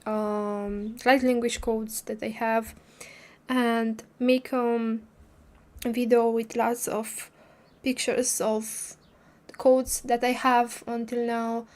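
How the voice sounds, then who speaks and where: A woman's voice: a little high, level tone, takes it slowly, darkish tone. A woman hosting a casual livestream, talking hesitantly with many fillers and restarts while recovering from a cold. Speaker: livestream host. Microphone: streaming microphone.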